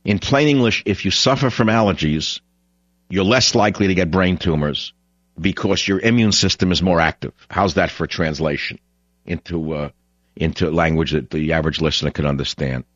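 A man's voice: low voice, normal speed, fairly bright tone, no room sound, dull audio. A man hosting a radio talk show, delivering a blunt, opinionated, rambling monologue.

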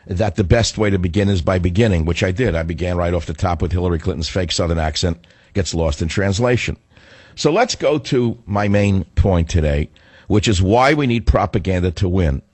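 Gruff ranting male radio host. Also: fairly low pitch, dry recording. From northern United States. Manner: combative, ranting, sarcastic. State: recovering from flu, with a cough. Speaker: radio talk show host. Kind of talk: opinionated talk radio monologue. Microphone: studio microphone.

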